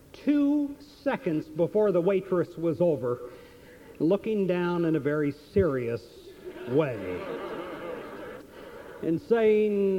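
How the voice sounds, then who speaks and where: A high-pitched man gives a motivational seminar, earnestly telling stories and repeating his key questions. The recording is dull and lo-fi, with a slight hiss or hum.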